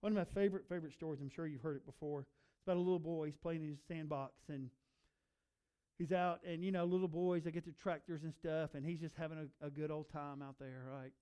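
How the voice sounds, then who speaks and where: Male pastor, sermon, earnest, emphatic repetition, mellow warm tone, raised pitch. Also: steady tone, fast, clear, resonant tone. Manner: earnest, building to emphatic repeated phrases.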